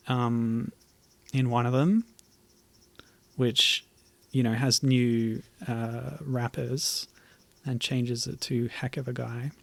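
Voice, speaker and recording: In a mid-range voice with no echo, a man casually comments on old web games as he streams them, speaking haltingly and hesitantly, full of fillers, and now and then reading the on-screen text.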